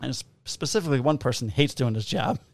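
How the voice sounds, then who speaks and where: A man's voice: medium pitch, animated, fast, gravelly, darkish tone, dry recording. A man who works as a police officer, telling profane stories in a casual chat and acting out both sides of the conversations.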